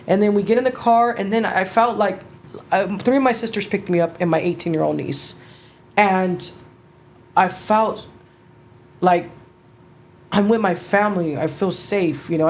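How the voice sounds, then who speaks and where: A middle-aged woman, an interview guest, telling her story in a halting, emotional way, with restarts and casual swearing. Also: medium pitch, darkish tone, slight background noise. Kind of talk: personal storytelling.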